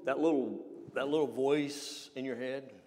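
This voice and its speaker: A man delivers a sermon in a chatty, halting way, often restarting his sentences. His voice sits at a middle pitch. It rings out with the long reverb of a church sanctuary. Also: steady tone, a little mellow. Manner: conversational, halting with many restarts. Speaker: pastor.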